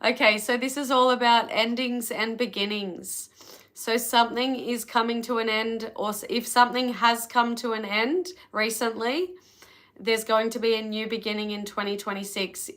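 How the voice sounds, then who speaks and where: A woman's voice: a little high, fairly even intonation, normal speed, fairly bright tone. A woman with an Australian accent doing a casual live tarot reading and chatting with viewers between cards. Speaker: tarot reader.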